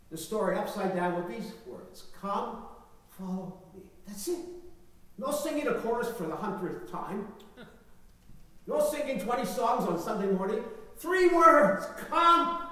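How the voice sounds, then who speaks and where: High-voiced preacher in an echoing church. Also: male voice. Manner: emphatic, repetitive, dynamic swings in volume. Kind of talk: sermon. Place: large church hall. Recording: echoey hall, voice from far off.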